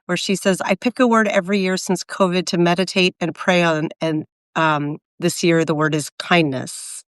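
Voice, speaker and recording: A woman in her forties co-hosts a live video chat, speaking casually and reflectively, rambling with many fillers and restarts. Her lowish voice stays steady at a moderate pace, in a dry, studio-quality recording.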